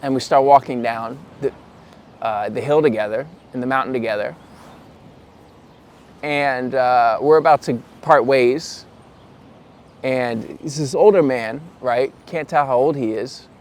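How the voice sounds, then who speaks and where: This is a young man telling a loose, chatty story in a vlog, and he often restarts his sentences. His voice sits at an ordinary middle pitch. A faint background noise runs under the recording. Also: unhurried, long pauses. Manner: chatty, rambling, self-correcting; puts on voices when quoting people. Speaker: vlogger. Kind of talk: casual storytelling to camera.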